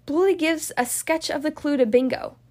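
A woman hosting a podcast, reading a children's storybook aloud in a friendly, expressive way. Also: high-pitched, moderate pace. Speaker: podcast host and storybook reader.

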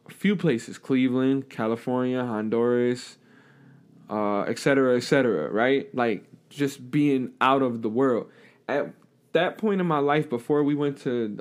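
A young man co-hosting a podcast, telling stories in a relaxed way and teasing his friend playfully. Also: medium pitch. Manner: laid-back storytelling, playful teasing. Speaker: podcast co-host. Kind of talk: casual chat.

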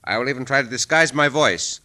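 An actor playing a dashing Mexican caballero hero who speaks in a courtly, measured way with a Spanish accent, in 1940s radio acting. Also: male voice, medium pitch, sharp tone. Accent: Spanish-accented English.

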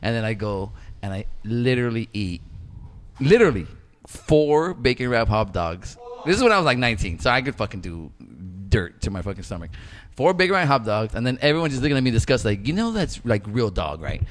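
A man's voice: medium pitch, very animated, a little fast, a little hiss or hum. A man co-hosting a podcast in casual chat, joking crudely and acting out what others said. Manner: joking, crude, acts out quotes. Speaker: podcast co-host.

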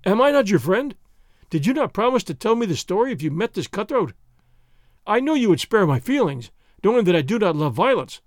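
A man puts on a soft-spoken young gentleman who needles with polite innocence. The voice sits high and swings freely. It is heard close and dry, as in a storybook reading. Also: very animated, a little fast, no room sound. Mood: needling, mock-innocent. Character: mild, teasing young nobleman, languid and polite.

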